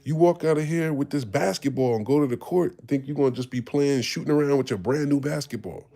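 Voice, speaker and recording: A man's voice: medium pitch, brisk, gravelly, mellow. A man, telling his life story in casual talk, candid and profane, acting out the voices of people he quotes. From Harlem, New York. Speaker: podcast host.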